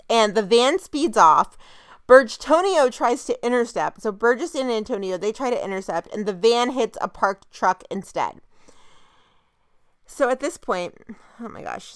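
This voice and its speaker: A young woman casually recapping a TV episode as a podcast co-host, telling the plot in an animated, chatty way. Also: on the high side, no room sound, studio quality. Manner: chatty, animated retelling with quoted voices. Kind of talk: casual chat.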